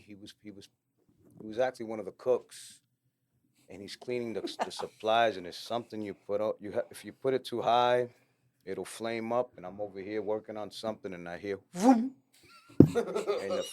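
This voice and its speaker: A man's voice: fairly low pitch, a little hiss or hum. A man with a New York accent, a podcast guest, telling profane army stories in casual chat. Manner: lively army storyteller, profane.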